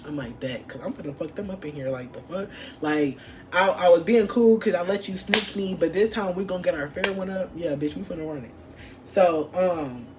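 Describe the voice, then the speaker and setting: A young adult woman vlogger telling an animated, profane story from her past and acting out what people said. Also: fairly low pitch, normal speed, noisy background. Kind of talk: storytime vlog.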